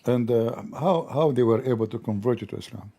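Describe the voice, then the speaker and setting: A man's voice: medium pitch, fairly quick, warm tone. A man hosting an online call-in discussion, explaining points with frequent "uh" fillers. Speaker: host.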